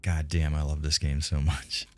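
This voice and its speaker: Very low-voiced cocky male streamer. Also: flat delivery, moderate pace, background noise. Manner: profane, cocky trash talk at game enemies; drops to a low whisper when sneaking. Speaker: streamer playing a shooter game. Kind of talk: casual live-stream commentary.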